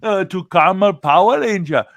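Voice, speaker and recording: A man co-hosting a podcast, flustered and swearing as he rushes through a list of names. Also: high-pitched, expressive, fairly bright tone. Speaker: podcast co-host. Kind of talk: rowdy casual chat.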